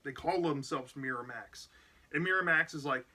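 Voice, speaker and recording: A man with a strikingly bright, sharp-edged voice that sits a little high for a man. He runs through a plot recap in a loose, casual way, piling on "like" and "you know" as he goes. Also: normal speed. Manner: rambling, full of "like" and "you know". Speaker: book reviewer.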